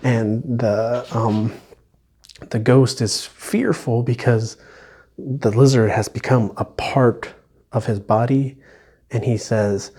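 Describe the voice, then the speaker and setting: A man talks through a book he enjoyed in a casual video review. His delivery is slow and halting, with many restarts and little laughs, and his voice is mellow and mid-pitched. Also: fairly even intonation, breathy edge.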